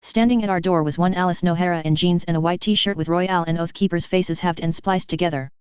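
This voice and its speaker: A woman narrating a first-person story in a steady, even reading voice. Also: fairly low pitch, quick pace, smooth, no echo. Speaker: fan fiction reader. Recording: dry, slightly dull lo-fi recording.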